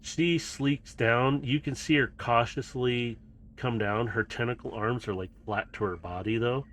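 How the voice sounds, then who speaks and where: A man's voice: mid-range voice, a little slow, a bit bright. A man narrating and running a tabletop role-playing game as game master, in a casual, storytelling manner with laughs.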